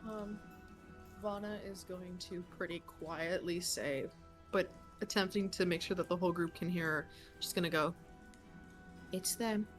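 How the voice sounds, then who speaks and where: A woman's voice: lowish voice, steady tone, moderate pace, faint music behind. A woman player in a tabletop game, talking casually and tentatively, with frequent ums.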